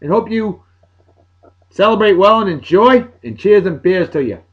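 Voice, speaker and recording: A man, hosting a show and giving chatty, upbeat shout-outs with playful asides. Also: high-pitched, animated, normal speed, lo-fi sound. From Massachusetts, USA. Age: 40s. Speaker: video show host. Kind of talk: casual birthday shout-outs.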